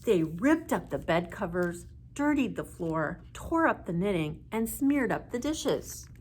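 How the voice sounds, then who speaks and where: A woman librarian reading a children's story aloud with playful, expressive sound words. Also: on the low side, unhurried, slight background noise.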